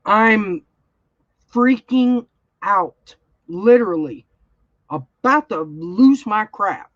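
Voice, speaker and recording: A woman's voice: mid-range voice, lively intonation, drawn-out words, dry recording. A woman, telling a story in a blunt, heated way during a casual livestream chat. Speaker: crafting channel host. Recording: dull, slightly lo-fi sound.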